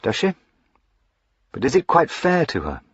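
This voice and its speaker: A man's voice: a little high, wildly swooping pitch, measured pace, breathy edge, no echo, highs cut off, voice pushed up, heavily acted. A man voicing a moody, short-tempered young aristocrat with a clipped, sardonic way of speaking. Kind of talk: audiobook character voicing.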